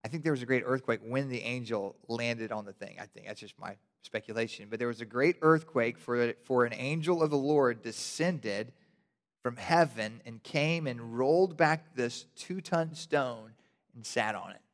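A male pastor preaching a sermon, telling the story animatedly and building to loud, passionate emphasis. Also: medium pitch, normal speed. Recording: long hall reverb.

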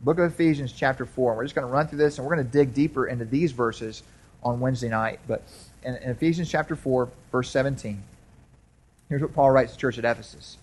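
A man's voice: medium pitch, fairly quick, darkish tone. A pastor preaching a sermon to his congregation in a loose, conversational way, with frequent restarts and questions to the listeners. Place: church sanctuary.

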